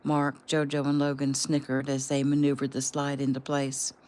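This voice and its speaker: A woman casually reading aloud from her own novel, relaxed and unpolished, with the odd slip. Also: rumbling low, normal speed, a little hiss or hum. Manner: relaxed and unpolished, with small slips.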